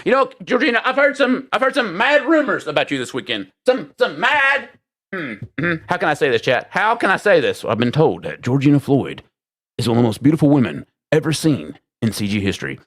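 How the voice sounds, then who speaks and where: A man hosting a livestream, reading chat aloud with profane, exasperated banter and sudden shouting, tired from lack of sleep. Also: fairly high pitch, very animated, a little fast. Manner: bursts into shouting. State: short on sleep.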